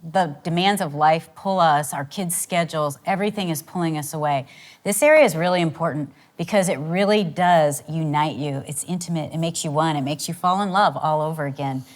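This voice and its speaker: Middle-aged female co-host; casual, laughing storyteller, lower pitch. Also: a little fast. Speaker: podcast co-host. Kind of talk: casual chat.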